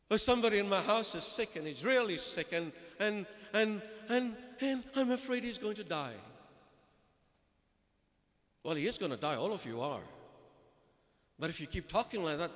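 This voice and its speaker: A man's voice: sits high, sing-song, moderate pace, pauses often, pushed and bright. A man preaching a sermon, emphatic and putting rhetorical questions to his listeners. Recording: long reverb of a large hall.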